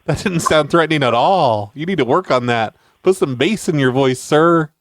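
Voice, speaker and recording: A man hosting a show and making deadpan, mock-serious prank phone calls. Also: on the high side, normal speed. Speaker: prank caller and show host.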